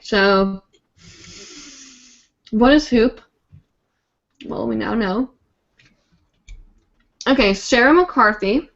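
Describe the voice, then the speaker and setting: Heard through dull lo-fi livestream sound, the host of a live hooping show rambles casually, filling her talk with "like" and "um." She has a medium-pitched, creaky voice with a fairly bright tone.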